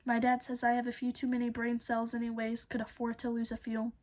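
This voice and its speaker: A woman's voice: a little high, monotone, a little fast, darkish tone, lightly acted. A woman reading the terse, dry lines of a defiant teenage girl detective.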